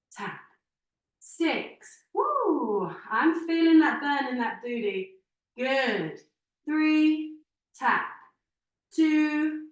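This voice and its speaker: Female Pilates instructor, slightly winded, counting reps with brisk encouraging cues; higher voice, unhurried delivery. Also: fairly bright tone, distant mic. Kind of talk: guided workout instruction. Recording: very echoey room, speaker away from mic.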